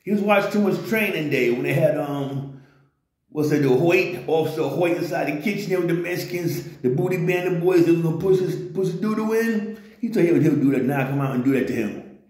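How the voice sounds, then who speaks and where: A man's voice: fairly high pitch, brisk, darkish tone. A man ranting in loose slangy commentary on a vlog, often tossing in "you know what I'm saying.". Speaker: vlogger. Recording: very echoey room.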